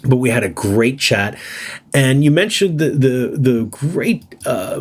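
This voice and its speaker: A man co-hosting a podcast, telling animated stories in casual chat and laughing as he goes. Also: mid-range voice, a little slow, slightly rough. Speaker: podcast co-host.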